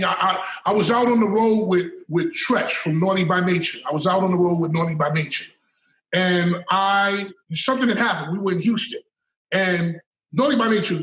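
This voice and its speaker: A man's voice: high-pitched, fairly bright tone, recorded from a distance. A man as a podcast guest, telling stories in a casual interview, emphatic and profane, often repeating words as he builds a point. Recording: roomy and off-mic.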